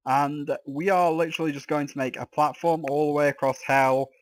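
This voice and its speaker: A somewhat high-voiced man rants in exasperation through casual gameplay commentary, swearing freely. His slightly sore throat roughens the edges of his talk. The recording is close and dry, with no room sound. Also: fairly even intonation, brisk, dry recording. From England. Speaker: let's play host.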